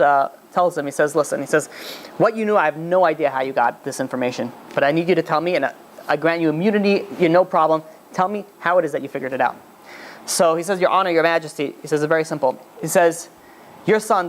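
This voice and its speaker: A man speaks as a rabbi giving a storytelling lecture, and he moves briskly through the tale. He acts out each character's lines in an animated way. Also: a little high, slight background noise. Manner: acts out characters' dialogue in a lively way.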